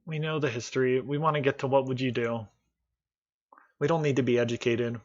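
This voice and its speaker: A man's voice: mid-range voice, steady tone, a little fast, a little mellow, highs cut off. A man hosting a live stream, reacting to a video with candid, sarcastic commentary and frequent laughs. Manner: candid, sarcastic, laughs often, mocking voices.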